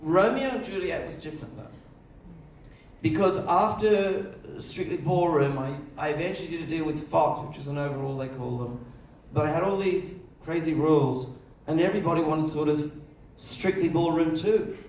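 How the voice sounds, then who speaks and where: A middle-aged man spins anecdotes for a festival audience, acting out the people in his stories. His voice sits fairly high for a man. The mic is some way off in an echoey room, with a faint hiss underneath. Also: moderate pace, recorded from a distance. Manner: animated storyteller, acts out other voices. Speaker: film director, festival jury head. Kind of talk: on-stage conversation, anecdotal storytelling. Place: festival stage before an audience.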